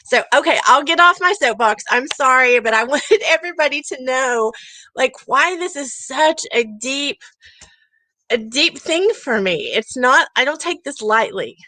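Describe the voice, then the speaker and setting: A woman's voice: high voice, lively intonation, unhurried, pushed and bright, no room sound, poor audio. A middle-aged woman telling her story with earnest emphasis, speaking outdoors from a campground porch. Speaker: summit speaker. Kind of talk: passionate personal storytelling talk.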